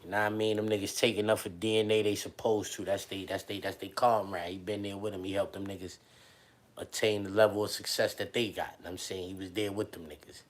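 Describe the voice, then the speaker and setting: A man hosting a livestream, chatting casually with viewers in loose, animated slang. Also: fairly low pitch, quick pace. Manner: slangy and animated, often addresses chat. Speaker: livestream host.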